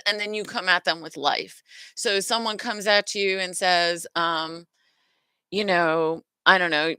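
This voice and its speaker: This self-worth teacher and host, a middle-aged woman, speaks with a bright, forceful, clear and resonant voice at medium pitch. Her talk is casual and earnest teaching, often broken by restarts and self-corrections. There's no echo.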